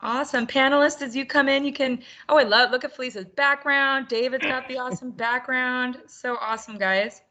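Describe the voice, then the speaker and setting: Woman, webinar host, bright forceful tone, a bit high-pitched, upbeat, chatty, video call. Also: steady tone, brisk, few pauses, highs cut off. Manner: upbeat and chatty, laughs often. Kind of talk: hosting an online teacher roundtable.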